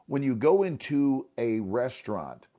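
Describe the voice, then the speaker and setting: A man of middle pitch tells a motivational story with emphatic energy. He swings his loudness up and down and slips into other people's voices to act out the scenes. He speaks as a guest sharing his own experience. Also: measured pace. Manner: emphatic, animated, acts out dialogue. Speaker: actor and teacher, guest.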